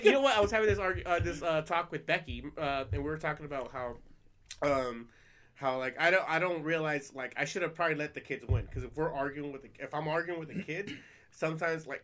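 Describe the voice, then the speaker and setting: A man's voice: on the high side, fast, a bit bright. A man telling rambling stories in a casual chat, laughing often and swearing freely.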